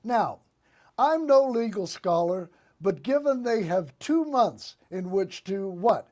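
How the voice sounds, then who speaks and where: A man hosting a political comedy show, delivering one-liners and sarcastic commentary in a deadpan monologue. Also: sits high, takes it slowly. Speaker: host.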